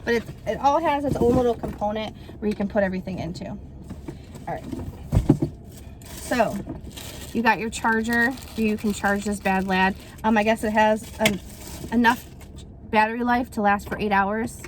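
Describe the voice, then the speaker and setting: A woman's voice: mid-range voice, fairly even intonation, normal speed, long pauses, noisy background. Chatty woman in her thirties. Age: 30s. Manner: chatty, rambling with fillers and acted-out quotes. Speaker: vlogger reviewing a product. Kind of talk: casual unboxing chat.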